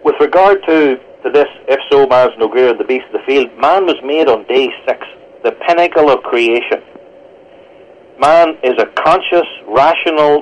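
A man, a pastor, answering on a radio show with earnest, halting restarts while quoting scripture. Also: medium pitch, highs cut off, a little hiss or hum. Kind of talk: radio interview, theological answer.

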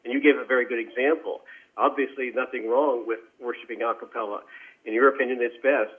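A man who is a guest in a radio interview, speaking in a measured, courteous way with frequent fillers. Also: medium pitch, steady tone. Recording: tinny phone line.

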